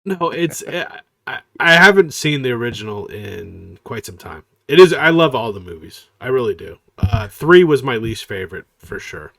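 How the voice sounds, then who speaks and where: An easygoing man co-hosting a podcast, agreeable and relaxed as he chats. His voice moves lively up and down in pitch, and the sound is close and dry. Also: moderate pace, vocal fry, few pauses, no echo. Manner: easygoing, agreeable, chimes in with short replies. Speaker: podcast co-host. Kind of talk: casual podcast chat.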